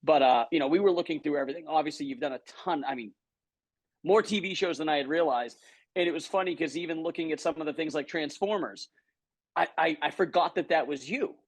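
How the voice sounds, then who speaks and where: A man's voice: a little high, fast. A man hosting a casual interview podcast, asking long rambling questions full of fillers. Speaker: podcast host.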